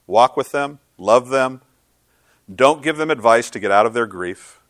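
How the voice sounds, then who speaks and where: A man's voice: medium pitch, lively intonation, a little slow, fairly bright tone, no room sound. A middle-aged male pastor giving a sermon, with conversational, self-deprecating storytelling and frequent restarts.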